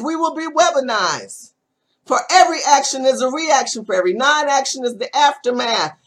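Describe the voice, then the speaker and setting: A woman from California giving a fiery live online rant to her viewers, breaking into loud outbursts and quick asides. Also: high voice. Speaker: political vlogger.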